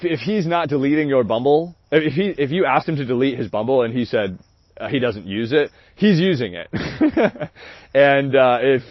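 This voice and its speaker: In a medium-pitched voice, a man hosting a livestream casually tells a rambling, candid story full of profanity and frequent laughter. The recording has no echo, with a dull, dry lo-fi sound.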